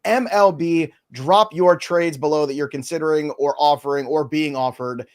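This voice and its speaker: A man hosting a casual sports podcast, playful and laughing often as he runs through a quick rundown. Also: a little high. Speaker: podcast host.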